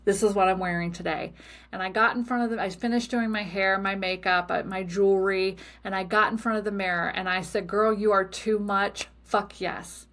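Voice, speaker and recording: A middle-aged woman hosting a solo podcast, talking casually in a blunt, expressive way and swearing freely. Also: mid-range voice, fairly quick. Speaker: podcast host.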